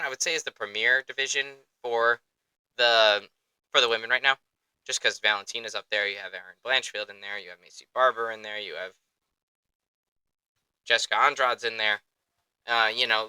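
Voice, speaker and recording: Bright-voiced young man, fast casual podcast talk. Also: mid-range voice, clear, resonant tone, dry recording, low-quality recording. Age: young adult. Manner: excitable, profane, rambling. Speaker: podcast host. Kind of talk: casual chat.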